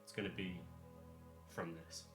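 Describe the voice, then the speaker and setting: A man's voice: a little slow, fairly bright tone, faint music behind. A man acting as dungeon master in a casual, rambling chat while preparing a tabletop game. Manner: rambling, self-correcting, chatty. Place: home. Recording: echoey room.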